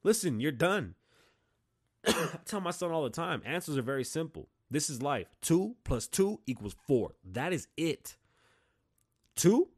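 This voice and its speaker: A man's voice: medium pitch, darkish tone. A man from Las Vegas hosting his own podcast, talking in a blunt, profane monologue. He argues his opinions hard, and his voice rises in heated bursts when a point gets to him. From Las Vegas, Nevada. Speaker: podcast host.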